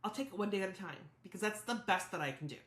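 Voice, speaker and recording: A woman's voice: mid-range voice, expressive, racing, fairly bright tone, reverberant. A woman hosting a solo podcast, talking candidly and reflectively about her own thoughts and feelings. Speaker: podcast host.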